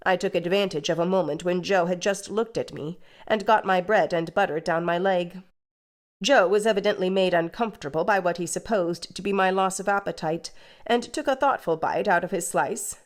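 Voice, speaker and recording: Woman narrator, measured and even, reading a classic novel aloud. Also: on the low side. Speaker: audiobook narrator. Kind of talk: scripted narration.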